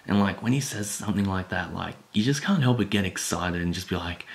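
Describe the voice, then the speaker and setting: A man with a low voice talks through a comic chapter in a loose, casual way. He rambles and leans on fillers, and he gets worked up as he retells the fight scenes. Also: normal speed. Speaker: manga recap YouTuber. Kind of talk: casual spoken recap.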